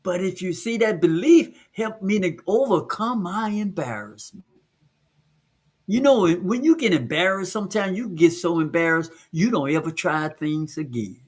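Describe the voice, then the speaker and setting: A man's voice: sits high, expressive, normal speed, husky. A man hosting a casual chat, emphatic and repeating key words.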